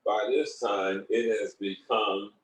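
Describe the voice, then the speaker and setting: A man's voice: fairly low pitch, steady tone, takes it slowly. A man co-hosting a relationship discussion, explaining things in a conversational way with personal stories. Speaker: co-host. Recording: roomy echo from a distant mic.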